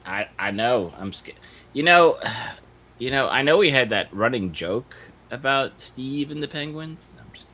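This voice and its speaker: Hesitant man on a panel, bright tense voice, stammers and pitch jumps around. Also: animated, unhurried. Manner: hesitant, stammers on his opening words. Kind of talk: casual group livestream chat.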